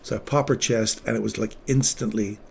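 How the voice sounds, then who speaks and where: A man hosting a casual livestream, once a paramedic, talking with earnest feeling and sometimes dropping his voice very low. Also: fairly even intonation, a little fast, gravelly, darkish tone, slight background noise. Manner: earnest, emotional storytelling, drops to near-whisper at tender moments. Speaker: livestream trading host, former paramedic.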